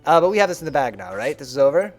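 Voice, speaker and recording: Chatty male streamer, casual play-by-play, high lively voice. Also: very fast, soft background music. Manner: chatty, explains as he plays. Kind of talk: casual live game commentary.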